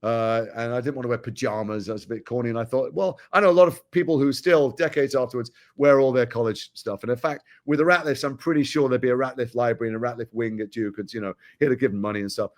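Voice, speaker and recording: A man from Britain, talking frankly and wryly as an actor guest in an interview. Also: mid-range voice. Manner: animated, wry, frank, quick-talking. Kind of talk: candid interview conversation.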